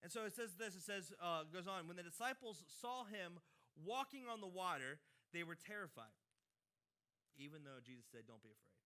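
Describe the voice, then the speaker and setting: A man delivers a sermon from the stage in a bright, forceful voice that sits a little high for a man. He talks casually, pushing hard on some phrases and dropping low on others. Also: animated, moderate pace. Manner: conversational preaching with dynamic swings in loudness. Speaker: pastor.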